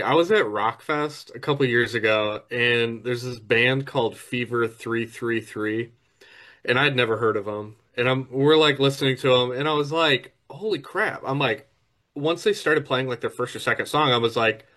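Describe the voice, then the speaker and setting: Male co-host, mid-pitched voice, enthusiastic anecdote teller. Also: animated, normal speed, a bit bright. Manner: enthusiastic storytelling. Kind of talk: casual chat.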